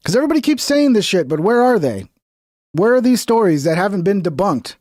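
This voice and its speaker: Young guy ranting on his stream, kinda high voice, mellow tone, dry close mic, swears a lot. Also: dry recording. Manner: blunt, profane, sarcastic. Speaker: streamer reacting to news. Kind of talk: casual livestream commentary.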